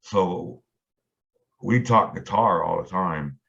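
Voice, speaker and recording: A man's voice: low-pitched, takes it slowly, vocal fry, a bit bright. A middle-aged man, a guitarist being interviewed, telling a long story in a rambling way with lots of fillers and restarts. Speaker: guitarist guest. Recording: dull lo-fi audio.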